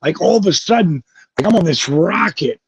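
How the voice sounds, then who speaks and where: A former pro wrestler, a guest in an interview, tells animated stories in a husky, high-sitting voice at a moderate pace. He's vivid and profane, acting out the voices of people he quotes. The lo-fi recording sounds dull, with no room sound.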